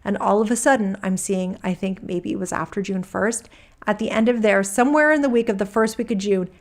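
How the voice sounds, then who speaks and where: A woman's voice: mid-range voice, brisk, lightly acted. Rambly guy on the witness stand, casual, keeps restarting, read out by a woman. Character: rambling male witness giving deposition testimony. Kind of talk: reading a court transcript aloud.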